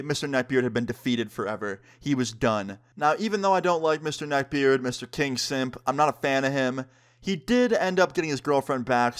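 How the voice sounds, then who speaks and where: A man's voice: mid-range voice, clear, resonant tone. A man telling a story time on his vlog, casual and joking, swearing freely. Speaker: vlogger.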